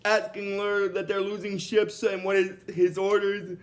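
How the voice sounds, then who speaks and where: A man's voice: high voice, flat delivery, measured pace. A man recapping a cartoon episode in a casual, rambling way, with many restarts and fillers and bursts of giggling.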